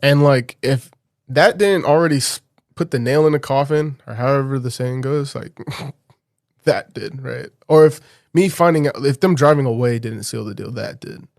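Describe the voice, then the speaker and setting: A man recounts a personal story in a relaxed podcast conversation. His voice sits in a middle register. It is recorded close and dry, with almost no room sound, and he laughs often as he talks. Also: mid-range voice, moderate pace, gravelly, no room sound. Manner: animated, laughs often while telling a story. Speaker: podcast guest. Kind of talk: casual storytelling.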